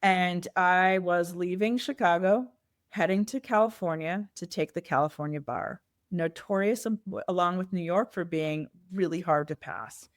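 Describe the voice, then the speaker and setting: A woman's voice: on the low side, moderate pace, no room sound, clean studio sound. A middle-aged woman, a podcast guest who tells personal stories candidly and reflectively. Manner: reflective storyteller, acts out quoted dialogue. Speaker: nonprofit fundraising consultant, guest.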